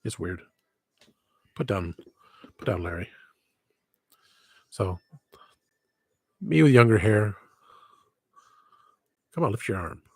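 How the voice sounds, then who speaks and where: On a headset with no echo, a livestream host with a lowish, husky, expressive voice takes his time and leaves long pauses. He rambles casually, drifting off topic, cutting himself off and slipping in wistful asides.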